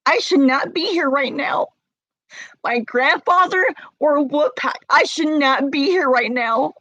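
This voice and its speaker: Woman, forties, high voice, slow and halting, crying, confrontational, dry close sound. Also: no room sound, highs cut off. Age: 40s. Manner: tearful, confrontational, rising to shouts. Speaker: livestreamer addressing her chat. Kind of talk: emotional livestream rant.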